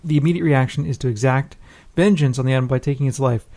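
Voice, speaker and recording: Fast-talking male podcast host. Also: medium pitch, warm tone. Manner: quick, informal, reads listener emails. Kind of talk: casual podcast chat.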